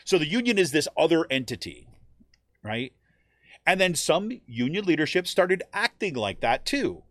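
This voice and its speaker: A man's voice: a little high, moderate pace, no echo, studio quality. A man, a teacher and union member, explaining things in a conversational way and often checking in with "right?". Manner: conversational, frequent "right?" check-ins, animated quoting. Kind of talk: explanatory talk.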